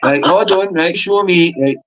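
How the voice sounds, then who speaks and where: A man with a Glaswegian accent, arguing in loud, sweary banter on a livestream. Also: high-pitched, moderate pace, highs cut off. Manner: argumentative, sweary, excitable. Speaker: livestream guest. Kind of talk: heated banter.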